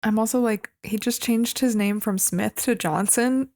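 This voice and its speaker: A woman's voice: a little high, moderate pace, darkish tone. A woman co-hosting a podcast, recapping a movie plot in casual chat with wry, amused comments. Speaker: podcast co-host.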